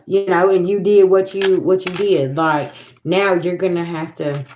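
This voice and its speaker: A woman's voice: lowish voice, fairly even intonation, measured pace, reverberant, noisy background. A woman giving a livestream spiritual reading, talking bluntly and profanely, repeating herself as she scolds. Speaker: tarot reader.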